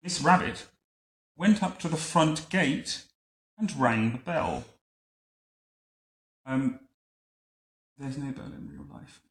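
A man reading a picture book aloud to a child at home, adding wry, deadpan comments between the lines. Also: fairly high pitch, takes it slowly, long pauses. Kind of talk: bedtime story reading with joking asides. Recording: roomy echo.

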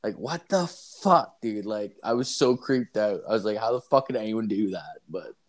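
A man's voice: lowish voice, a little fast, darkish tone. A man in his thirties co-hosting a podcast, telling crude stories in a rambling, profane way and acting out the people in them. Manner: profane, rambling storytelling with acted quotes. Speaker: podcast co-host. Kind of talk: crude casual chat.

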